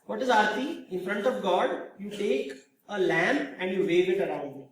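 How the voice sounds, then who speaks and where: A man with an Indian English accent giving an animated storytelling lecture, full of rhetorical questions, in a large hall. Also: high voice, moderate pace. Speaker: speaker. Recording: very echoey hall, far from mic.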